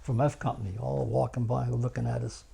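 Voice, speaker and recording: An older American man, a war veteran, telling rambling, animated stories in a casual interview and laughing at his own tales. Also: medium pitch, a little fast, vocal fry, slightly rough. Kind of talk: casual spoken storytelling.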